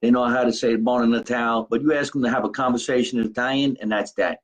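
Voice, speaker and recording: A man's voice: medium pitch, steady tone, fast talker, rough recording. Chatty New Jersey podcast host, man. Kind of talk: casual live chat.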